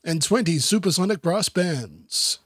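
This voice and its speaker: A man reading a children's book aloud with deadpan, self-mocking asides. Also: high voice, a little slow, husky, no echo, clean studio sound. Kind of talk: sarcastic comedic book reading.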